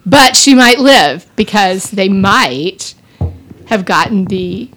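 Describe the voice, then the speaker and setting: Woman, casual chat, chatty, frequent restarts, mid-pitched everyday voice. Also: animated, slow pace, a bit bright, slight background noise. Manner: chatty, restarts often, amused storyteller.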